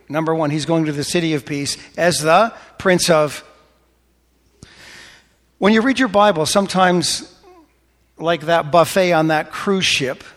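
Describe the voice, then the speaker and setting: Man preaching, slow deliberate delivery, fairly high voice, long church reverb, asks the room questions. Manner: animated preaching that drops to soft prayerful tones. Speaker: pastor. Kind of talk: sermon.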